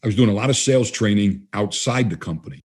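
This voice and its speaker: Older male interview guest, mellow and husky, a loose storyteller who plays out the dialogue he quotes. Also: fairly low pitch, lively intonation, fast. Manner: conversational, acts out quoted dialogue. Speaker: guest trainer.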